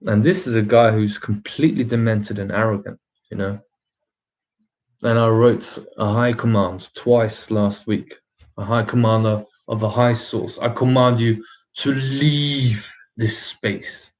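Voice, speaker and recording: A man's voice: fairly low pitch, fairly even intonation, unhurried, a little mellow. Emphatic man in spiritual talk. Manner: emphatic and scornful storytelling. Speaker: channel co-host.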